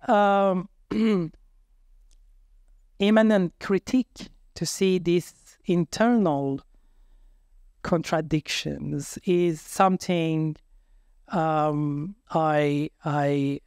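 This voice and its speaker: Slow, halting male academic panelist. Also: on the high side, fairly even intonation, darkish tone, smooth, no room sound, studio quality. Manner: halting, searching for words, measured. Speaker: panelist researcher. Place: conference hall panel.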